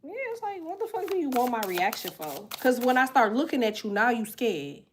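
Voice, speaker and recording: A woman's voice: a little high, sing-song, a little fast, noisy background. A young woman tarot reader on a casual livestream, chatting bluntly and profanely while she answers comments, congested from a sinus infection.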